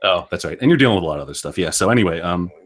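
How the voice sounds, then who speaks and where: A man's voice: deep voice, expressive, racing, a bit bright. A man co-hosting a casual podcast, laid-back and sardonic, laughing often. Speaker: podcast co-host.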